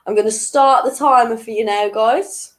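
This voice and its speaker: A woman hosting an online weekly quiz, chatty and laughing at her own jokes, reading each question twice slowly and clearly. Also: a little high. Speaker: quiz host.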